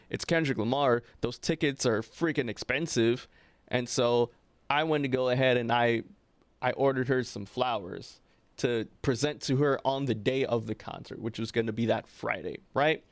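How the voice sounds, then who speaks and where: A young man spins a casual story for his podcast co-host, animated and chatty, tossing in quick "right?" asides. His voice sits at an everyday middle pitch. The sound is close and dry, with no room around it. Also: dry recording.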